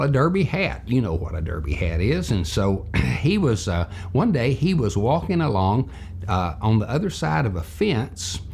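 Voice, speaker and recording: An older man from Tennessee, husky voice, telling a childhood story as a character lesson in a folksy, animated way. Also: fairly low pitch, slight background noise. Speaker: storyteller teacher.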